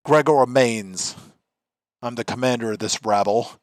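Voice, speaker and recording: A man voicing a hearty human commander in armor with a booming voice, in a tabletop game. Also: measured pace, no echo, lightly acted.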